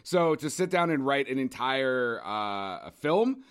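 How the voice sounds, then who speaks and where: A man's voice: medium pitch, sing-song, a bit bright, smooth. Rambling casual podcast co-host, a man. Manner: rambling, restarting words, quick laughs. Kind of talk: casual chat. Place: Cambridge, Ontario.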